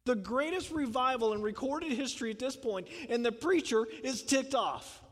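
A man's voice: extremely high pitch, moderate pace, big-room sound. A man preaching a sermon in a conversational way, putting questions to the congregation and chuckling. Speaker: pastor.

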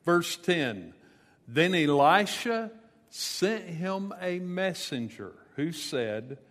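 A man's voice: on the high side, very animated, very slow, fairly bright tone, in a large hall. A man preaching a sermon, retelling a scripture story in a conversational way with casual asides. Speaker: pastor.

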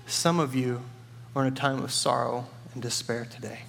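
A man's voice: mid-range voice, steady tone, normal speed, vocal fry, fairly bright tone, a little hiss or hum. A man preaching a sermon in a friendly, joking storytelling way. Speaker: church partner preaching.

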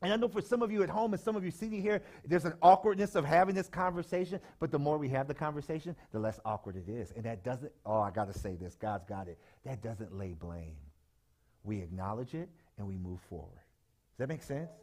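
A man preaching a sermon to a live congregation, leading call-and-response and breaking into loud shouts. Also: mid-range voice, animated, a little fast. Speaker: pastor. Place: church sanctuary with live congregation.

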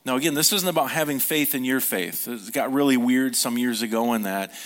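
A man's voice: mid-range voice, fairly quick, a bit bright. Conversational male pastor preaching. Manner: conversational, asks the congregation questions. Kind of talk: sermon.

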